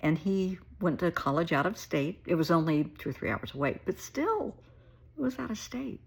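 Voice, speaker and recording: Talking straight to her audience, this caring therapist in middle age gets emotional and earnest, addressing people as "sweetheart." Her lowish voice swings widely in pitch at a moderate pace, carrying vocal fry and breathiness.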